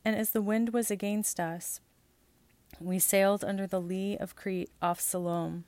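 A woman reading scripture and canticles aloud in a measured, steady liturgical style. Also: medium pitch, dry recording. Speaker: scripture reader.

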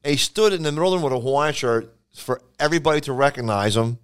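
A man hosting a podcast, a comedian telling animated stories in casual chat. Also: medium pitch, quick pace, clean tone. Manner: animated storyteller, laughs while telling.

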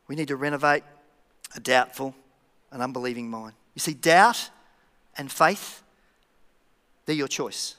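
Male pastor, lively sermon delivery with sudden hushed drops; forceful, ringing tone. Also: medium pitch, unhurried, long pauses. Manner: animated, joking, with dramatic drops to a hush. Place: church auditorium. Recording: church hall reverb.

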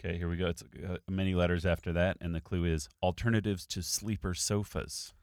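A man's voice: deep voice, steady tone, brisk, a little mellow, dry recording. A man working through a crossword with friends in casual chat, thinking aloud with hesitant restarts. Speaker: crossword solver leading the puzzle.

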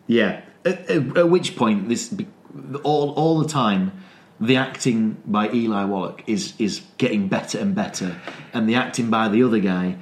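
A man's voice: fairly low pitch, normal speed, reverberant. A man, recapping a TV episode in casual chat and acting out the characters' lines as he goes. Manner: retells scenes by acting out lines in quotes.

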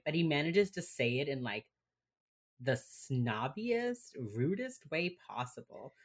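A woman's voice: low-pitched, sing-song, a little slow. A woman with a Miami accent, co-hosting a podcast and casually recapping a show, chatty and swearing as she slips into quoted voices. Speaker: podcast co-host.

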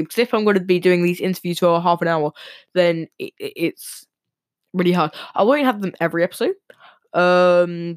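A male podcast host talking casually and very fast, with lots of ums and restarts. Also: high-pitched, no echo, studio quality. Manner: talks very fast with many fillers and restarts. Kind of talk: casual solo podcast talk.

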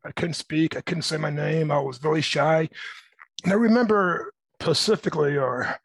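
A middle-aged man being interviewed, telling personal stories in a lively way and acting out the voices of people in them. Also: fairly high pitch, moderate pace, creaky, husky, dry recording, rough recording. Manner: animated, acts out voices in his stories. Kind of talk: personal storytelling.

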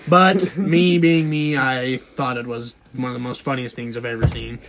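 Young man, podcast co-host, blunt, profane, average pitch. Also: steady tone, moderate pace, crowd noise. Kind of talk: casual crude chat.

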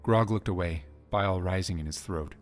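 A man narrates an audiobook in a dramatic storytelling manner. His voice sits on the low side. Faint music plays quietly beneath his reading. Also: moderate pace. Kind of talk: scripted narration.

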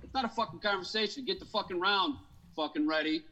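A man's voice: high-pitched, fast, pushed and bright, highs cut off. A man hosting a casual podcast chat who rants in a heated, profane way. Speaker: podcast host.

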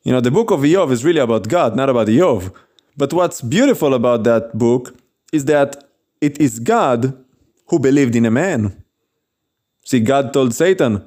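A man's voice: mid-range voice, animated, normal speed, darkish tone. A man preaching a sermon as a rabbi, stern and scolding, with mocking asides.

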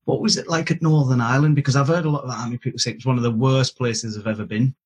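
A man's voice: mid-range voice, fairly even intonation, quick pace, breathy edge. A man hosting an interview, asking curious questions and adding personal asides. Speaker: interview host.

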